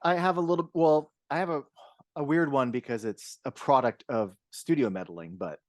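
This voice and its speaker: A man's voice: mid-range voice, moderate pace, no room sound, clean studio sound. A man co-hosting a podcast, talking through a film casually, with restarts and the odd curse word. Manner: rambling, frequent restarts, casual swearing. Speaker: podcast co-host.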